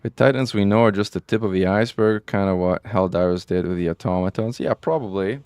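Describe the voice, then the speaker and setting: Deep-voiced man rambling on a stream. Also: fairly quick, a little mellow, clean tone, dry recording, studio quality. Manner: rambling, self-correcting, with frequent "um" and "like". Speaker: game streamer. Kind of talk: casual live-stream chat.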